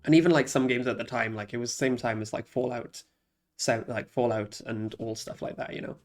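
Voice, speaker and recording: A man's voice: medium pitch, fairly even intonation, brisk, faint music behind. A man streaming, chatting casually about games he played, rambling with many fillers and restarts and laughing often. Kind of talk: casual chat.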